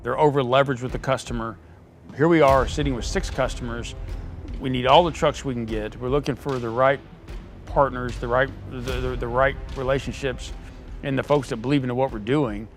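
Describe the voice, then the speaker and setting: A middle-aged man, a company owner, giving an earnest interview pitch for his business and often repeating words as he restarts. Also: steady tone, normal speed, faint music behind. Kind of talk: promotional interview talk.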